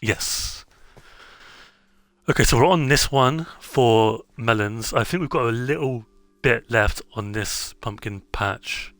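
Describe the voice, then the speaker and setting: A man's voice: mid-range voice, a little slow, a bit bright, no room sound. A man streaming a game, chatting casually in a rambling way, with many fillers and self-interruptions. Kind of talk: casual gameplay chat.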